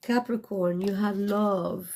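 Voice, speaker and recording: A woman's voice: medium pitch, fairly even intonation, slow, creaky, a little mellow. A middle-aged woman giving a casual tarot reading, blunt and profane, emotional and choking up at times, with non-native English phrasing. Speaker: tarot reader.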